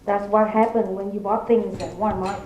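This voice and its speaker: A woman from Vietnam with a Vietnamese accent, doing stand-up and landing punchlines slowly and deliberately. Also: medium pitch, steady tone, darkish tone, slight background noise. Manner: slow, deliberate delivery of punchlines. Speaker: stand-up comedian. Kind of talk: stand-up comedy. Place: comedy club stage. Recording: echoey lo-fi club recording.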